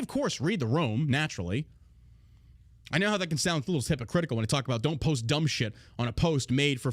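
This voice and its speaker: A man's voice: on the high side, no room sound, clean studio sound. A man hosting a podcast, ranting casually with brash sarcasm and lots of swearing. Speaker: podcast host. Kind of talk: casual profane rant.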